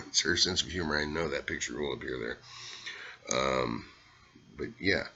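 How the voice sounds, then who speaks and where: Deep-voiced middle-aged Southern vlogger, rambling and self-deprecating, bright tone, dull lo-fi sound. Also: male voice, a little slow, creaky. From Arkansas, US South. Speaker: vlogger doing impressions. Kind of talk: casual monologue to camera.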